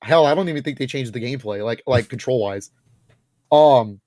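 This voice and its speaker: In studio-quality audio with no echo, a young podcast co-host with a medium-pitched voice talks casually. His delivery is high-energy, full of quick laughs and filler words.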